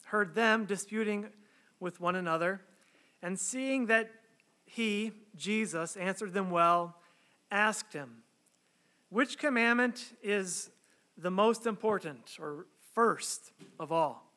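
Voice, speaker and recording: A man's voice: sits high, slow pace, pushed and bright. A man preaching a sermon, reading scripture aloud, praying, then speaking in an earnest, conversational way with rhetorical questions. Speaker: pastor.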